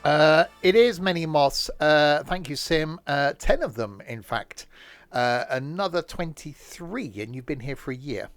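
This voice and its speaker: A hoarse man chatting casually as he streams a train game, rambling with plenty of fillers and self-corrections. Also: a little high, expressive, measured pace, no echo, faint music behind. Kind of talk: casual live-stream commentary.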